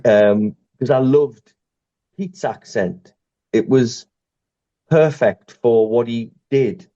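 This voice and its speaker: A man chatting on a podcast, halting and quick to laugh. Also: medium pitch, dark tone, muffled recording. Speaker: podcast co-host. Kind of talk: casual chat.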